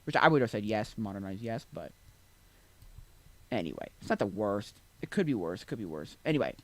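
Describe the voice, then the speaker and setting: Animated man rambling on stream. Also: lowish voice, fairly quick, rough recording. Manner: rambling, with many restarts and asides. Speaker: game streamer. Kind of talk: casual rambling chat while gaming.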